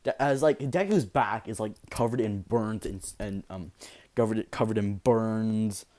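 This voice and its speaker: A man's voice: lowish voice, a little slow, darkish tone. A young man improvising a fan story, rambling with many fillers and restarts.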